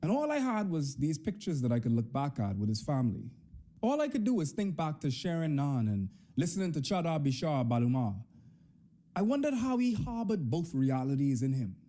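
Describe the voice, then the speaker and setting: A young man with a Bahamian accent telling a comic personal story, swinging between high and low pitch. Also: big pitch swings, moderate pace, dark tone.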